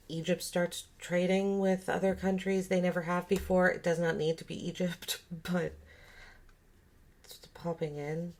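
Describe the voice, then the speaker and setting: A woman's voice: on the low side, darkish tone. A woman giving a casual tarot reading, thinking aloud and musing with many fillers and restarts. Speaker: tarot reader.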